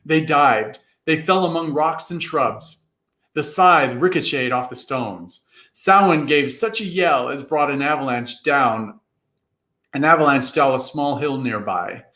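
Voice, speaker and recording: A man with a pushed, bright voice reads a classic novel dramatically at a measured pace. He narrates with theatrical energy, voicing characters through sharp leaps in pitch, and the space he's in sounds echoey.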